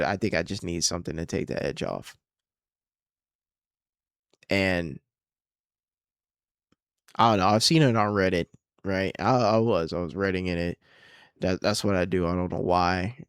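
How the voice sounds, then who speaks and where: A man's voice: low voice, clean tone, no echo, studio quality. A young man hosting a solo podcast, rambling casually with a lot of swearing and self-mocking asides. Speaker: podcast host.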